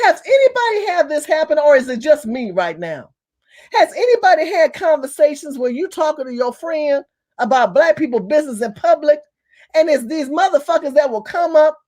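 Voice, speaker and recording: A woman telling a story to her camera in an animated, emphatic rant, with some cursing. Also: high voice. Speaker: vlogger. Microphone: phone or camera facing her.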